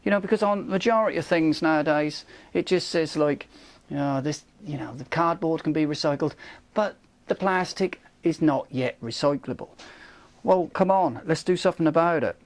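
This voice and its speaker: A man's voice: normal speed, no room sound. A middle-aged man ranting casually about a cheap product, exasperated and swearing, with many "you know"s. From United Kingdom. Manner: exasperated, swears, repeats "you know", rising pitch when angry. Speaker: vlogger reviewing a product.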